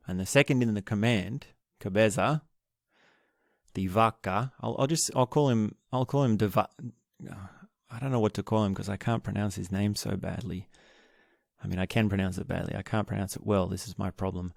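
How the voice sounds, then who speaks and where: A man's voice: on the low side, normal speed, vocal fry, pauses often, dry recording, studio quality. A man hosting a book podcast, retelling a historical story in a casual, thinking-aloud way with restarts and asides. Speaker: podcast host.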